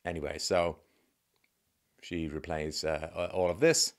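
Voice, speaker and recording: A man's voice: low-pitched, fairly even intonation, a little slow. A man giving an opinionated commentary monologue in a wry, sardonic way, with sighs and asides. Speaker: commentary vlogger.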